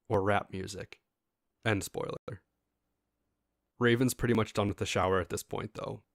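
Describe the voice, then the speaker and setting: A man's voice: fairly low pitch, no echo, studio quality. A man reading a first-person internet story aloud in a casual style, with asides to his listeners. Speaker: story reader.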